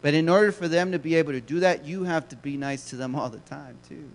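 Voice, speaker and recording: A man's voice: fairly high pitch, fast talker. A man giving a conversational, storytelling keynote talk to educators, asking the audience questions, heard with a long hall reverb. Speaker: keynote speaker.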